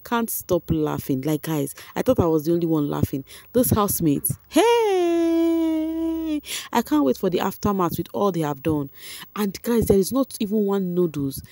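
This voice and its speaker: A Nigerian woman commenting on a reality show in a casual, excitable way, laughing often and talking straight to her viewers. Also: fairly low pitch, a little fast, dry recording.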